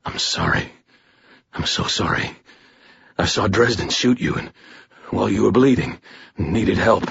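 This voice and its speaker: A man voicing a grim older male warden in an audiobook, speaking in a low, subdued mumble. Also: expressive, normal speed, creaky, lo-fi sound, slight background noise. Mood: remorseful. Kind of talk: audiobook character voice.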